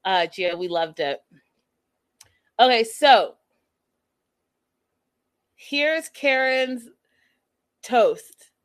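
A woman hosting a casual recap of a reality show, gossipy and animated, laughing at the scenes she retells. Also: on the high side, drawn-out words, pauses often, smooth. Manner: animated, gossipy, laughs at her own quotes. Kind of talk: casual chat.

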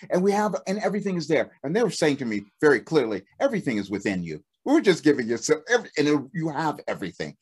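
A man's voice: on the high side, fast talker, few pauses, slightly rough. A man who works as a channeler, telling a story in casual conversation with frequent laughter. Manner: animated storytelling, laughs often. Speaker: channeler and guest.

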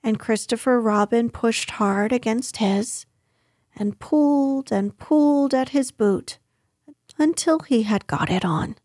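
A woman reading a children's book aloud in a gentle, unhurried way. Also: a little high, no room sound, studio quality. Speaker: storyteller.

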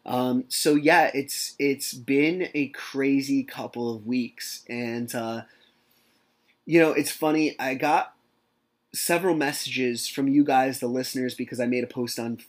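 A man's voice: mid-range voice, fairly even intonation, measured pace. A man hosting a solo podcast, chatting casually and telling stories animatedly, reenacting conversations and swearing now and then. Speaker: podcast host.

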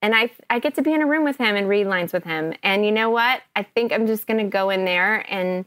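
A woman in a casual podcast chat, telling a story with lively energy and plenty of fillers. Her voice sits at a middle pitch. The sound is close and dry. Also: fairly quick, dry recording. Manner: animated, chatty, many fillers. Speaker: actress guest.

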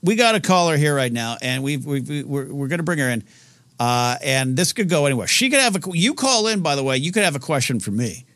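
A man's voice: a little high, sing-song, a bit bright, no echo. Rambling male call-in show host. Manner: rambling, halting, many restarts and fillers. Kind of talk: casual live-stream chat.

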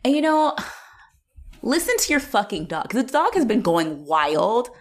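A woman's voice: fairly high pitch, a little slow. A young woman in casual chat about a film, swearing freely, laughing often and acting out lines from scenes. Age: young adult. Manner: swears freely, laughs often, acts out quotes in animated voices.

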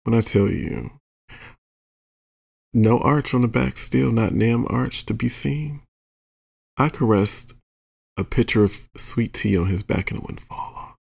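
A man's voice: mid-range voice, a little slow, gravelly, pauses often, a little mellow, breathy edge. A man hosting a podcast, telling a profane, exasperated story with lots of acted-out quotes. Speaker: podcast host. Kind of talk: explicit comedic storytelling monologue.

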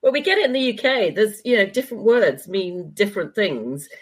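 A middle-aged woman from the UK with a standard British accent, a former journalist chatting as a guest, chatty and quick to laugh. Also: mid-range voice, animated, breathy edge. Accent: standard British (BBC English). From United Kingdom. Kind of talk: casual interview chat.

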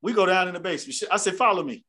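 Man, high voice, podcast co-host, profane and animated storytelling. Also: rapid-fire. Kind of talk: casual storytelling chat.

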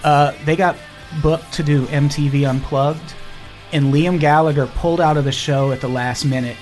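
A man's voice: a little high, steady tone, moderate pace, a little mellow, soft background music. Laughing, profane podcast host, man. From United States. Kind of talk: casual chat.

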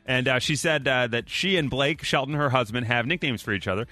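A man hosting a morning radio show, joking in lively casual banter. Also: medium pitch, a little fast, no echo. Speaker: radio host.

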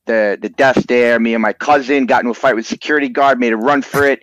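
A man on a podcast telling a long, excited, rambling story. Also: medium pitch, quick pace, no room sound, highs cut off. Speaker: podcast guest. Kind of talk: animated storytelling.

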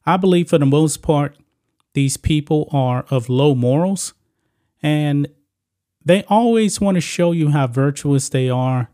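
A man with a somewhat high-pitched voice delivers opinionated celebrity news commentary for his channel. He talks straight to his viewers in a blunt, moralizing way. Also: unhurried, warm tone. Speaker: channel host.

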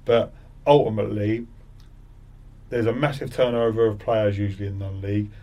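Low-voiced man telling stories. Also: moderate pace, recorded from a distance, muffled recording. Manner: animated, acts out crowd taunts with rising voice. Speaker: guest, former footballer. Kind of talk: casual interview storytelling. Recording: voice set back from the mic.

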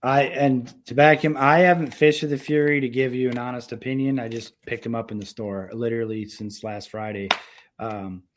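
A man's voice: medium pitch, fairly even intonation, moderate pace, a little hiss or hum. Rambling man from New York. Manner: rambling, many filler words. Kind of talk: casual podcast chat.

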